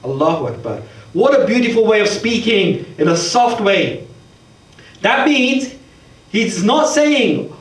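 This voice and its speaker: A man preaching a sermon, explaining verses point by point in a gentle, earnest way. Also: high voice, big pitch swings, unhurried. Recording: echoey hall recording from far off.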